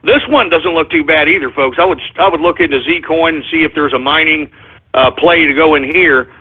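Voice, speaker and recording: Male radio host, high husky voice, excitable and flustered, tinny phone-like audio. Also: normal speed. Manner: excitable, flustered, repeats apologies. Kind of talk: call-in radio monologue.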